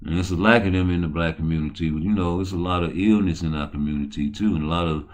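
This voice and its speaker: A man rants as host of a boxing commentary show. He rambles, scattering "you know" and "man" through every sentence. His voice sits somewhat low. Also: fairly even intonation, fast talker.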